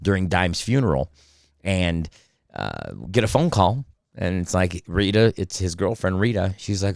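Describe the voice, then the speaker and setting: A man in his fifties, a guest comedian and voice actor, telling animated, profane anecdotes in casual chat, acting out the people he quotes, on a close studio mic. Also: low voice, normal speed, gravelly, no echo. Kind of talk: casual storytelling. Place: podcast studio.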